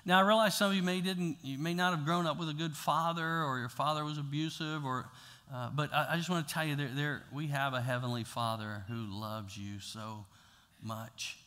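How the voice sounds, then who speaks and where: A pastor preaching a sermon in a casual, talky way, swinging from loud to hushed. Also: male voice, a little high, steady tone, normal speed. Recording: long hall reverb.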